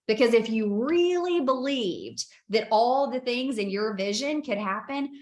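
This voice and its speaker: A woman giving an energetic, emphatic coaching talk over a video call, often laughing. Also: medium pitch. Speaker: guest speaker, business coach.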